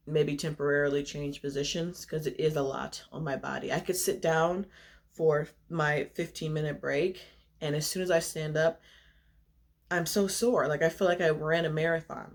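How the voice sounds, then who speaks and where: Young woman vlogger, casual to-camera chat, open and chatty, slightly out of breath, laughs a lot. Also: low voice. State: short of breath.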